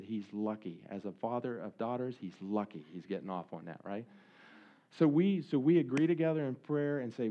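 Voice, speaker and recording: A man's voice: medium pitch, muffled recording. A man giving a sermon as a conversational, earnest story, acting out quoted dialogue as he goes. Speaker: speaker at a church service.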